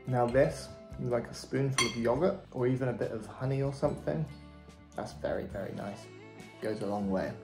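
A man's voice: medium pitch, normal speed, over music. A man chatting casually and cheerfully through a cooking vlog, poking fun at himself. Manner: chatty, upbeat, self-deprecating. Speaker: vlogger.

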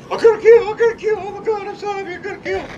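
A man putting on the voice of a panicky male submarine player, whining in a sobbing falsetto. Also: fairly even intonation, racing, warm tone, recorded from a distance, highs cut off, some chatter behind, a little hiss or hum. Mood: whimpering.

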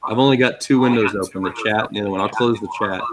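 A man's voice: on the low side, steady tone, racing. A man co-hosting a casual podcast over a video call, talking in a blunt, irritated way. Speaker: podcast co-host. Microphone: video call mic. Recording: noisy video call line.

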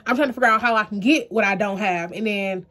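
A woman's voice: mid-range voice, quick pace, bright, forceful tone. A young woman vlogging to camera, earnest and close to tears, talking straight to her viewers. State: close to tears, eyes puffy. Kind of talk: emotional personal vlog to camera.

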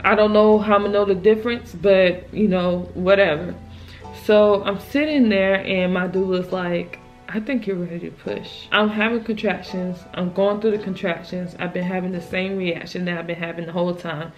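A woman's voice: on the low side, fairly even intonation, normal speed, lo-fi sound, soft background music. A young woman vlogger telling her own story in a casual, emphatic and exasperated way, often dropping "child" as an aside.

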